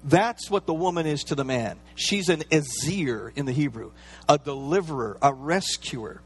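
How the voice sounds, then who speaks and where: A pastor preaching a sermon in a relaxed, conversational way, with playful asides and everyday fillers. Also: male voice, on the high side, moderate pace, faint music behind.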